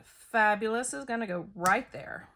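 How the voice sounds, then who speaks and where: She's a middle-aged scrapbooker chatting through a layout, self-deprecating and laughing as she works things out aloud. The voice is on the high side, unhurried, pushed and bright, with slight background noise.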